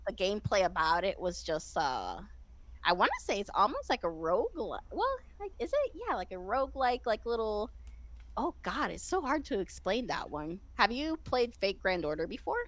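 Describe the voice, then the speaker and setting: Casting note: young-sounding woman, animated and chatty, laughs a lot, restarts her sentences. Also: medium pitch, normal speed, low-quality recording. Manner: excitable, laughs often, rambling with many restarts. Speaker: interview guest, VTuber. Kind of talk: casual chat.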